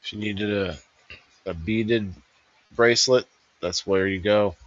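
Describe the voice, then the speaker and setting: Male host, slow and unhurried, rambling voice-over in a dry room. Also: fairly low pitch, steady tone, dry recording, dull audio. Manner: rambling, thinking aloud. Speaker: host reviewing a vendor fair. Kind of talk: casual voice-over commentary.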